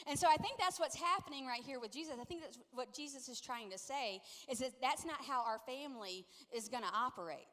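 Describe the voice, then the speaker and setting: A woman's voice: high voice, a little fast, few pauses. A middle-aged woman pastor preaching a sermon, telling stories and playfully acting out what people said. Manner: lively storytelling, playfully acting out quotes. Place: church sanctuary. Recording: long echo of a large church hall.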